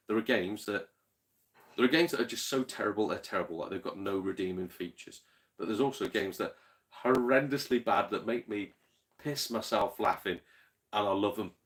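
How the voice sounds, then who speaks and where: A man with a Yorkshire accent hosting a casual gaming livestream, chatting and reading out viewer comments, swearing freely and laughing often. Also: lowish voice.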